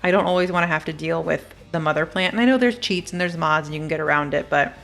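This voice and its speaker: A woman's voice: low voice, fast talker, creaky, fairly bright tone, faint music behind. A young woman YouTuber reacting to a game trailer in a bubbly, chatty way, gasping and giggling as she talks. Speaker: gaming YouTuber.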